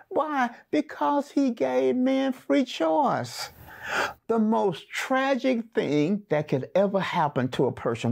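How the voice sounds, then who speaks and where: A man's voice: high voice, vocal fry. A man teaching a sermon-style Bible lesson. He reads scripture aloud, explains it in plain words, and repeats key phrases for emphasis.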